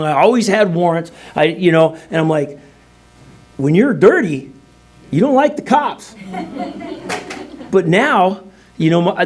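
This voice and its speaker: A man's voice: sits high, darkish tone, a little hiss or hum. Middle-aged man telling a rambling, funny story. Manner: rambling, humorous storytelling with casual slang. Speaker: speaker at a recovery meeting. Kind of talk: personal recovery story. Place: meeting room.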